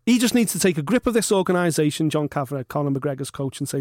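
Podcast host, man, high voice, animated sweary ranting, dry mic. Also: quick pace, hardly any pauses, no room sound. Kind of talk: casual chat.

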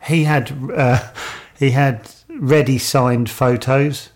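A man's voice: mid-range voice, steady tone, takes it slowly, a little mellow. A man, chatting casually on a podcast and laughing often as he tells an anecdote. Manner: laughs a lot while telling anecdotes.

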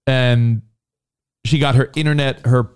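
A man's voice: medium pitch, fairly even intonation, measured pace, darkish tone, clear, resonant tone. A man co-hosting a casual podcast chat, telling a story with lots of fillers and restarts. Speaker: podcast co-host.

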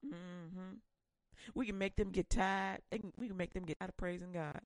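A woman preacher voicing gloating, scheming demonic spirits in low, sneering taunts. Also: steady tone, normal speed, no room sound, close to an everyday voice.

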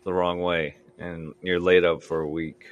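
This man from Indiana and Michigan hosts a podcast chat with a very deep voice. He talks slowly and easily and fills his pauses with ums. Nothing he says sounds rushed. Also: little pitch movement, muffled recording, slight background noise. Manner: slow, easygoing, hesitant with many ums. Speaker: podcast host. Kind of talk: casual chat.

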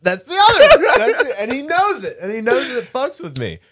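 A man's voice: extremely high pitch, huge pitch swings, fairly quick, a bit bright. A man co-hosting a casual podcast chat, teasing and needling his friend with casual swearing. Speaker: podcast co-host.

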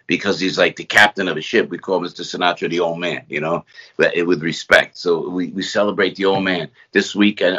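A middle-aged man from New Jersey talks as a guest, his deep voice husky yet forceful and bright. He tells rambling, animated anecdotes. The recording sounds a little dull and lo-fi. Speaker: guest entertainer. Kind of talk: conversational storytelling.

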